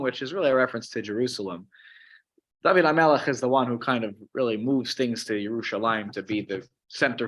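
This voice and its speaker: Animated man teaching a Psalms class. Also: a little high. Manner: animated, explains words, many restarts. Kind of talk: Torah class lecture.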